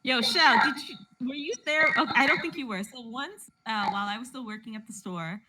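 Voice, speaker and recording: A woman with a bright, forceful voice chats on a casual livestream call. She tells her stories with animation and acts out the voices of the people she quotes. A faint hiss of background noise sits under her voice. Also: on the high side, fairly quick. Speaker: guest artist.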